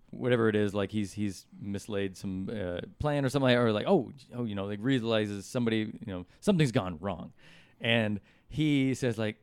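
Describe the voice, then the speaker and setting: A man's voice: fairly low pitch, clean tone, dry recording. A middle-aged man telling rambling stories in casual chat, with lots of fillers and restarts. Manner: rambling anecdotes with many fillers. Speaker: guest comedian and musician. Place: hotel room.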